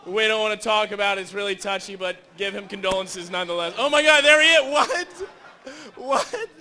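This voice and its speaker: A man emceeing a gaming tournament, teasing the crowd and shouting to get them cheering. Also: sits high, brisk. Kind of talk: joking crowd introduction. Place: large indoor tournament venue.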